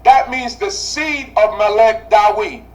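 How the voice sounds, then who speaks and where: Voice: mid-range voice, slow pace, distant mic, poor audio. A Bible study teacher speaking to a class, asking rhetorical questions and repeating key phrases for emphasis.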